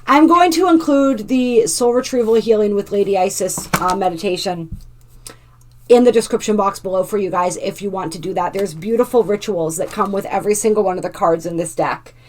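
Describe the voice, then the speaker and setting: A woman hosting a spiritual oracle card reading, gently reading card text aloud and adding asides to her viewers. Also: medium pitch, fairly quick.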